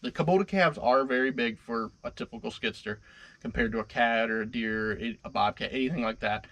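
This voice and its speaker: A man's voice: mid-range voice, brisk, a bit bright, rough recording. A man giving a casual hands-on machinery review from inside a skid steer cab, rambling and restarting sentences often. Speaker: equipment reviewer.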